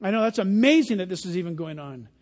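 A man preaching a sermon in a lively, conversational way. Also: high-pitched, fast. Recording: long hall reverb.

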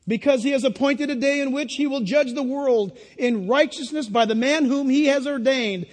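A man preaching a sermon, lively and animated, acting out little voices and laughing at his own jokes. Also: very high-pitched, moderate pace. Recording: long hall reverb.

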